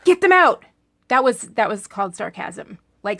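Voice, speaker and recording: A woman's voice: medium pitch, very animated, moderate pace, gravelly, fairly bright tone. A woman ranting casually in a political vlog, chatty and sarcastic, rambling with many restarts. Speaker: political vlogger.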